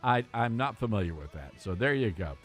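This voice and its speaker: A man's voice: fairly low pitch, lively intonation, fairly quick, faint music behind. A man hosting a radio talk show, chatting in a casual, amused way with laughing asides. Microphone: studio microphone.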